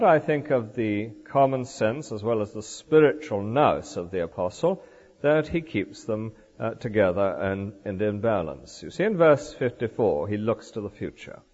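An older man delivers an expository sermon, his pitch rising and falling with animated emphasis. His voice rings with a long church reverb, and the recording sounds dull and lo-fi. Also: breathy edge. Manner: lively expository preaching, rhetorical asides. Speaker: preacher.

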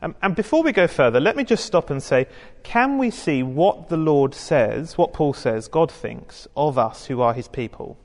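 A man's voice: fairly high pitch, lively intonation, normal speed, hardly any pauses, a little mellow. Chatty British man preaching in a hall. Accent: British English. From United Kingdom. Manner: chatty, joking asides, talks to the congregation. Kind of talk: sermon. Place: church hall with a congregation.

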